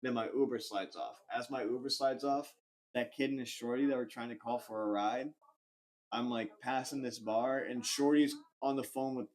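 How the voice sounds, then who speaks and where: A man's voice: medium pitch, steady tone, moderate pace, darkish tone. A young man on a casual podcast, telling a rambling, slangy story full of "like". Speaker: podcast co-host.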